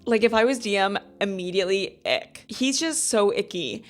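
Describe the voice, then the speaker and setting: Over soft background music, a woman in her thirties hosts a casual book review vlog as a book club host. Her mid-range voice moves at a normal speed, and her delivery is gushing and dramatic, with "like" cropping up constantly.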